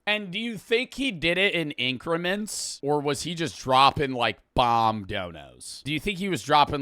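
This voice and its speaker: A man's voice: mid-range voice, lively intonation, moderate pace, hardly any pauses, bright, forceful tone, clean tone, dry recording, clean studio sound. A young man streaming, giving casual reaction commentary, incredulous and laughing often as he talks.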